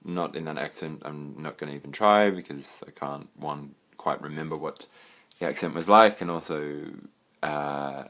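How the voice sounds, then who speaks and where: Low-voiced rambling Australian young man. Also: moderate pace, few pauses, fairly bright tone. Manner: rambling, swears casually, trails off with fillers. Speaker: vlogger. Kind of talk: casual rambling room tour. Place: own bedroom.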